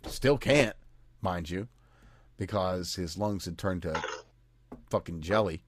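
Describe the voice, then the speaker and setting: A man's voice: low-pitched, slow, no room sound. Sarcastic, indignant American man, dry mic. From United States. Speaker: podcast host. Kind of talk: casual chat.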